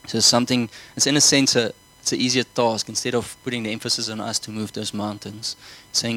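A man's voice: on the low side, little pitch movement, a little fast, few pauses, sharp tone, a little hiss or hum, low-quality recording. A man preaching a sermon, earnest, often repeating words and asking the congregation whether they follow. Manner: earnest, repeats himself, asks the congregation questions.

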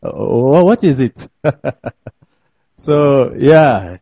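A man's voice: mid-range voice, big pitch swings, dark tone, husky, muffled recording. A young man from DR Congo, a native French speaker with a French accent, preaching as a guest in a church, repeating phrases and laughing often. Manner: slow, repetitive, laughing often. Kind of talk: sermon.

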